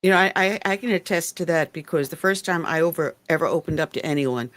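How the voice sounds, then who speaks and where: A woman's voice: low voice, fast talker, fairly bright tone, dry recording. Reflective woman talk show host. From United States. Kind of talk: conversational interview.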